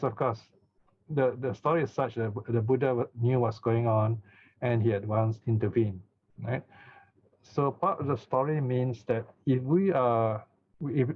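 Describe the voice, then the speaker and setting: Man teaching over a dull video call. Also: medium pitch. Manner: conversational teaching with frequent fillers and restarts. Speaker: Buddhist teacher. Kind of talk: online sutta study class.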